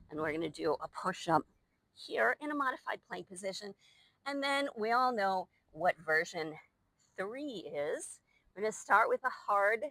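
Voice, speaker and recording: Breathing hard as she exercises along, a young Pilates instructor leads a live workout, counting reps and encouraging participants. She has a mid-range voice, recorded dry on a new microphone.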